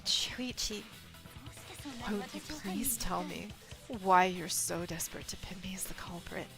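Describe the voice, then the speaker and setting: Brief: a quiet, controlled young woman under accusation, put on by a woman, low and soft in a game scene with music. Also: unhurried, creaky. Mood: pleading. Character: composed young woman, a cornered suspect. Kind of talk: reading game dialogue aloud.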